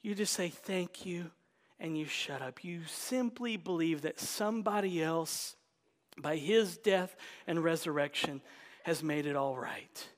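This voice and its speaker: A man delivers an Easter sermon at an unhurried, deliberate pace. He leans hard on key phrases and then sinks into near-whispers. His voice carries the long reverb of a large church sanctuary. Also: a little high. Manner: emphatic, swings from loud exclamations to hushed whispers. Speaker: pastor.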